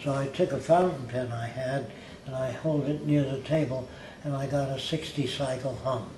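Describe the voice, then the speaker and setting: A man's voice: medium pitch, fairly even intonation, normal speed. An older man telling stories from his life in a blunt, conversational way, sometimes mimicking how others talk. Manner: blunt, mimics accents in quoted voices. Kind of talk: conversational storytelling. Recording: roomy with faint background hiss.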